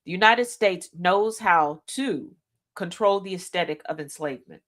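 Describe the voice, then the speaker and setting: An emphatic woman radio host delivers an opinionated commentary monologue, addressing listeners directly with rhetorical questions and repeating key lines for emphasis. Her voice is fairly low in pitch and a bit bright, at normal speed.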